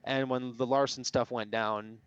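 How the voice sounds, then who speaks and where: A man's voice: medium pitch, fairly even intonation, a little slow, clean tone, no echo, lo-fi sound. Man, casual podcast co-host, opinionated, dry dead sound. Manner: chatty, opinionated, laughs easily. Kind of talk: casual sports chat.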